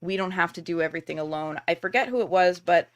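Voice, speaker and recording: Middle-aged woman, somewhat low voice, candid and reassuring, chatty live stream host, webcam mic. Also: quick pace. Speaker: tarot reader and workshop host. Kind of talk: live stream chat with viewers.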